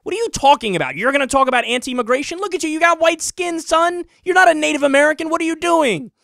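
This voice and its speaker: A man voicing a furious Native American man who shouts down protesters in a raised, scolding voice. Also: very high voice, expressive, fast, gravelly, dry recording, studio quality, voice pushed up, exaggerated voice. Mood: angry, scolding.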